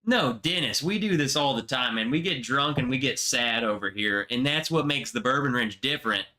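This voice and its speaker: A man hosting a casual livestream chat, telling a story in a slow, emotional, slangy way, close to tears. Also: medium pitch, expressive, sharp tone. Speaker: livestream host.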